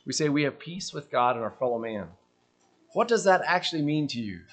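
A man preaching a sermon, earnest and questioning, letting his voice drop softly at the ends of phrases. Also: on the high side, expressive, a little fast, slightly rough.

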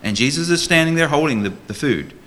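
Male deacon preaching in church; ringing tone, animated rise and fall, pressing the congregation with questions. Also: fairly high pitch, fast talker. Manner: earnest, rhetorical questions, emphatic. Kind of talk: sermon.

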